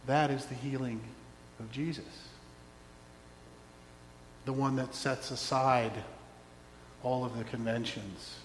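A man preaching a sermon, telling a story and acting out the voices in it, with wry asides. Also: mid-range voice. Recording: roomy hall with long echo, faint hum.

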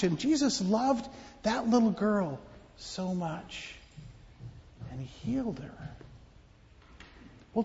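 A man giving a children's sermon as pastor, telling a story in an animated way and asking the children questions. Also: high voice, big-room sound, lo-fi sound. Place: church.

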